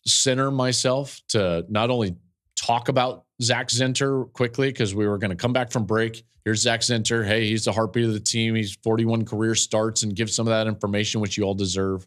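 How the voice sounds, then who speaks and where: A man hosting a podcast, telling the story of a game he called with animated emphasis and frequent restarts, speaking into a studio podcast mic. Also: fairly low pitch, normal speed. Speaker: podcast host and football analyst. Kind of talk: casual analysis.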